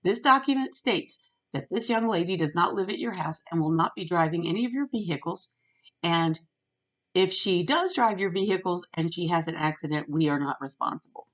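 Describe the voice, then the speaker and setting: A middle-aged woman ranting in a storytime vlog, retelling a phone call and quoting both sides with lively emphasis. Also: fairly low pitch, normal speed. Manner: animated, retells phone calls with quoted voices. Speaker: vlogger.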